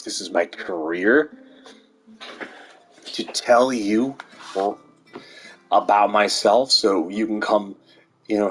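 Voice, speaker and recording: A man's voice: fairly low pitch, slightly rough. A man rambling to viewers in a sardonic monologue, swearing and laughing at his own jokes. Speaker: vlogger.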